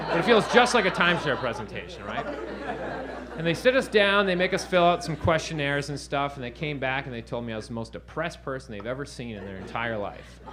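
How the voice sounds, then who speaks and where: A man doing stand-up, telling a rambling, profane story and asking the crowd "right?" over and over. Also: mid-range voice. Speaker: stand-up comedian. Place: comedy stage before a live audience. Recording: live room with audience laughter.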